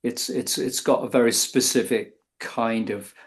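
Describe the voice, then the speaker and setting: A man being interviewed as an author, speaking slowly and haltingly. He pauses often and restarts his sentences. His voice sits at an ordinary middle pitch. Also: fairly even intonation. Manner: hesitant, many ums and restarts. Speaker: guest author. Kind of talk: casual interview chat.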